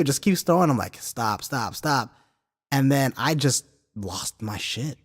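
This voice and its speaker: A husky, mid-range voice at a measured pace carries this podcast host, a man in his thirties, through casual, profane storytelling. He's animated, laughs as he goes, and uses plenty of filler. The recording has a big-room sound.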